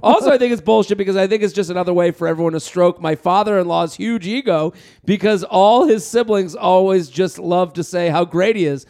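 A man hosting a podcast in casual comedic chat, animated and jokey, swearing freely and breaking into loud bits. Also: high voice, a little fast. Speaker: podcast host.

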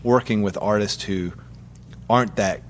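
A man's voice: on the low side, normal speed, a little hiss or hum. A man chatting casually in a recording studio, telling stories with jokes and casual swearing. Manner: storytelling, jokey, swears casually. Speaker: musician guest. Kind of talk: casual chat.

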